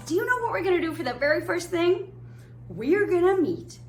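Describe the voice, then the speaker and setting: A woman teaching an online preschool class, talking to small children in a bright sing-song voice. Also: extremely high pitch, expressive, moderate pace, soft background music.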